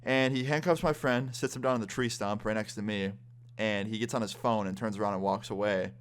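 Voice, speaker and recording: A young man telling a story in a casual vlog. He talks quickly in a low voice and swears freely. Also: fairly even intonation, clear, resonant tone. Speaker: vlogger.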